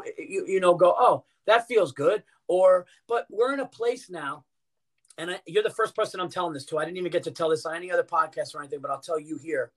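A middle-aged man with a fairly high voice chats on a podcast as a guest comedian. He tells stories in an animated way and swears freely. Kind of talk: casual podcast chat.

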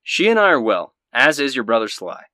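A man voicing a loving father reading his letter in a loud newscaster manner. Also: sing-song, brisk, no echo, studio quality. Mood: fond. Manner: loud, booming newscaster delivery. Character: proud loving middle-aged father.

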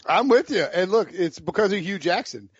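A man's voice: high voice, animated, moderate pace, breathy edge, no room sound. A man hosting a sports podcast, ranting in a fired-up, casual way about football picks. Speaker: podcast host. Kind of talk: casual sports betting talk. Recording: dull lo-fi audio.

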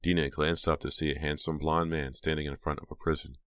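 A man narrating an audiobook in a steady, suspenseful reading. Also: a bass voice, brisk, dry recording. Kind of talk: scripted narration.

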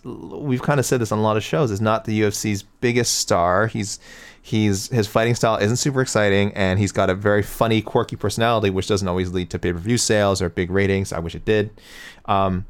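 A man hosting a casual MMA matchmaking show, reading out viewer picks and chatting through them in a rambling, self-correcting way. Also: lowish voice. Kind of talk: casual livestream commentary.

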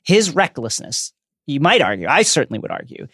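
A man's voice: on the high side, big pitch swings, brisk, fairly bright tone, slightly rough, no room sound, studio quality. A man co-hosting a book discussion podcast, who reads passages aloud and adds emphatic asides. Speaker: podcast co-host.

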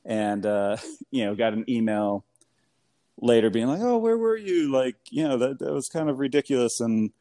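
A man's voice: mid-range voice, moderate pace. An American man from New England, in his thirties, telling a rambling story in casual chat, full of fillers and laughs. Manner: rambling, animated, heavy fillers, laughs often. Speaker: guest.

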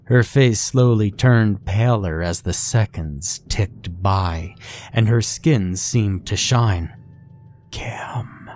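Brief: male horror-story narrator; slow, measured delivery, somewhat low voice. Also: a little mellow, slight background noise.

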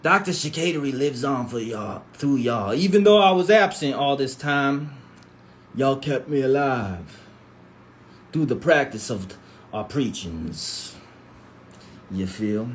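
A man hosting a casual livestream, reading viewer comments aloud and answering them in animated, profane, slangy banter into a phone. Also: mid-range voice, takes it slowly, long pauses, a little hiss or hum.

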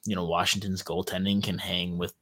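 A young man with a very low voice talks sports in casual chat. His tone is bright and forceful, and he wanders through his points with many ums. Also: level tone, fairly quick. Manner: rambling, many fillers and restarts. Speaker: podcast co-host.

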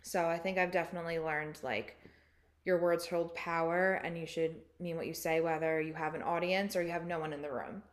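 A woman's voice: on the low side, fairly even intonation, brisk. A woman co-hosting a podcast in casual chat, talkative and full of fillers, laughing often. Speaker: podcast co-host.

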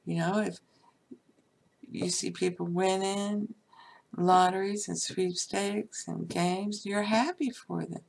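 Speaking slowly at a medium pitch, a woman with vocal fry and a darkish tone offers a relaxed spiritual lesson with fairly even intonation. Her talk is conversational and peppered with "you know" and "okay?", with occasional whispers for emphasis.

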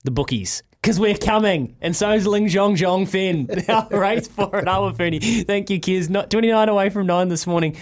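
A New Zealand man hosting breakfast sports radio with a slightly high voice. He jokes and laughs often, bantering with his co-hosts from the studio. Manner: laughing, quick, joking. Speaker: radio breakfast show host.

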